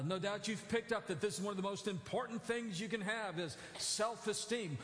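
In an echoey church hall, a pastor with a high, slightly bright voice gives his sermon. He talks casually, filling in gaps and correcting himself often.

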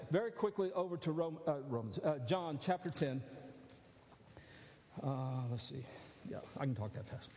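Male pastor, high voice, conversational teaching sermon, long hall reverb. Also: lively intonation, normal speed, long pauses, warm tone, slight background noise. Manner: conversational teaching, asks listeners to follow along.

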